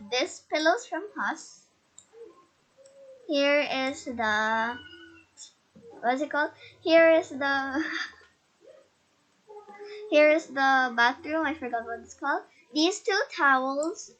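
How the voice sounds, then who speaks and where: A woman's voice: high-pitched, a bit bright. A shy, nervous woman hosting a casual game house tour. She stutters and restarts often, her voice muffled by a face mask as she records on a laptop.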